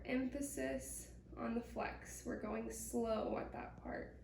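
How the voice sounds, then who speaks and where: Slow, calm woman pilates instructor. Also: sits high, slight background noise. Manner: calm, encouraging step-by-step cueing. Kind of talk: guided workout instruction. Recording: echoey room, mic at a distance.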